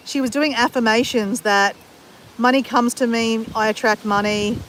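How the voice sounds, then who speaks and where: A woman's voice: fairly high pitch, steady tone, normal speed, a bit bright, a little hiss or hum. An Australian woman chatting casually with her live-stream viewers in a rambling, self-deprecating way.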